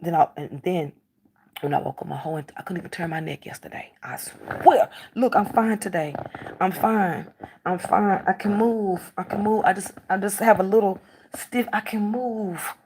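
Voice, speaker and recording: A woman's voice: medium pitch, normal speed, darkish tone, slight background noise. A middle-aged woman talking casually to the camera, emphatic and repeating herself as she acts out bits of dialogue.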